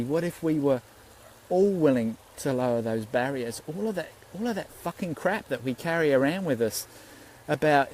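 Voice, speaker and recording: A man's voice: on the high side, lively intonation, moderate pace, a little mellow, a little hiss or hum, poor audio. A man, a spiritual teacher giving an earnest, rambling Facebook Live talk and swearing freely.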